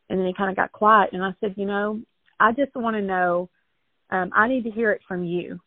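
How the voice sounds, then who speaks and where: Woman, young adult, earnest halting storytelling, tinny phone-like sound, dry. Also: medium pitch, no echo. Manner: earnest, halting, many restarts and fillers. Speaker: interview guest. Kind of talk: emotional personal storytelling.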